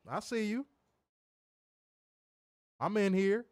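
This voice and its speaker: A man co-hosting a wrestling review stream, answering viewer comments in casual, animated chat. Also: fairly high pitch, moderate pace, no room sound, studio quality. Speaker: wrestling show co-host.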